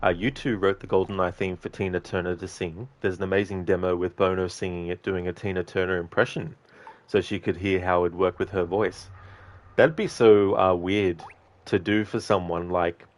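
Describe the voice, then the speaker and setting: Male game streamer, lower voice, easygoing chat with viewers, quick to laugh. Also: steady tone, no room sound. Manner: chatty, laughs often, chats to viewers by name. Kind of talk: casual livestream chat while gaming.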